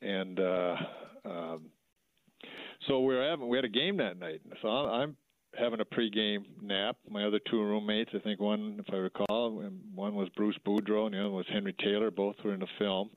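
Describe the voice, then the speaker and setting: A middle-aged man tells his story in a halting stop-start way, piling up fillers and restarts. His voice sits a little low. It comes through a tinny, dry phone line. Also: fairly even intonation, no echo. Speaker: former minor league hockey player, guest. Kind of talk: storytelling interview over the phone.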